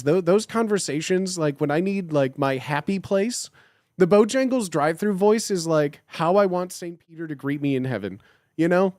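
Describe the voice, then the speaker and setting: Chicago-accented man, casual stream chat, rambling with lots of "like", voice sits on the higher side, dry close sound. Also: animated, moderate pace, darkish tone, no echo. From Illinois. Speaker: live streamer.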